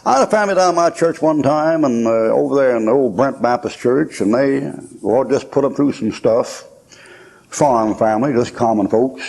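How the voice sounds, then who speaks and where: Gravelly folksy preacher. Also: male voice, medium pitch, normal speed, a little mellow. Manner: folksy storytelling preaching, acts out quoted voices. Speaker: pastor. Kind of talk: sermon.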